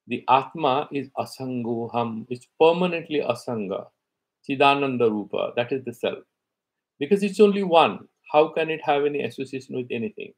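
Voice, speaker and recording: Man, scripture teacher, middle pitch, Sanskrit recitation, explanation, rhetorical questions. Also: animated, normal speed. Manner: reads Sanskrit commentary, then explains in English; rhetorical questions and acted-out examples. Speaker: Vedanta teacher. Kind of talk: scripture class lecture.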